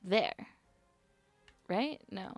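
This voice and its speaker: A woman chatting to herself while she plays a video game, rambling and giggly, her voice climbing high when she gets nervous. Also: lively intonation, very slow, no echo, faint music behind. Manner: rambling self-talk, giggly. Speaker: streamer. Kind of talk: casual gameplay commentary.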